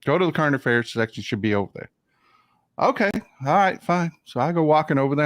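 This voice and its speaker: A man hosting a casual livestream show, telling stories with lively impressions of the people in them. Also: on the high side, fairly quick, dry recording, clean studio sound. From Texas. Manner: animated storyteller, mimics people in raised voices. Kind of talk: casual chat.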